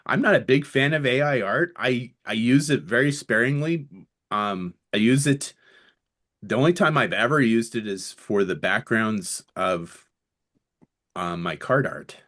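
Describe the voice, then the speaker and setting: A man's voice: medium pitch, lively intonation, measured pace, a bit bright. Middle-aged male co-host, loose rambling chat, casual swearing. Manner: rambling, swears casually, jokes with put-on voices. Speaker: podcast co-host.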